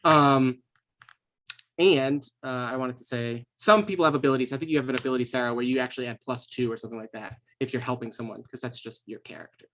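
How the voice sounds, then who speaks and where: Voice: medium pitch, fast talker, a bit bright. Laid-back game master running a tabletop game, easygoing, lots of ums. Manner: casual, laid-back, many fillers.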